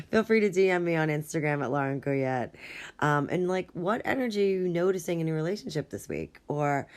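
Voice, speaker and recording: A woman with a low-pitched voice hosts a solo podcast as a relationship coach. She talks in a loose, chatty way, tagging her points with "right?" and laughing easily. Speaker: sex coach and podcast host. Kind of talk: casual solo podcast advice.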